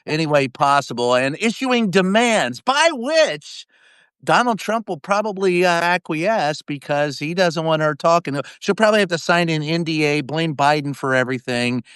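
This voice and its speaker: Wry man with a smooth, clear voice. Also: fairly high pitch, animated, normal speed, fairly bright tone, dry recording. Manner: wry, joking asides, some stammering. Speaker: co-host, journalist. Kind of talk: casual live political chat.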